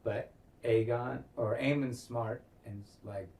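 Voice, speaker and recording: Casual co-host, male, animated, swears freely, a bit distant from the mic. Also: mid-range voice, measured pace, vocal fry. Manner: animated, swears a lot, acts out lines. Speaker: podcast co-host. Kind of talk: casual recap chat.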